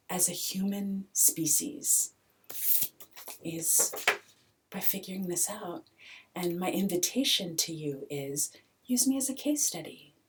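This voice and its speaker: A woman in a rambling personal monologue, swinging between hushed whispers and loud outbursts, swearing and repeating herself. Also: on the low side, recorded from a distance. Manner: swears freely.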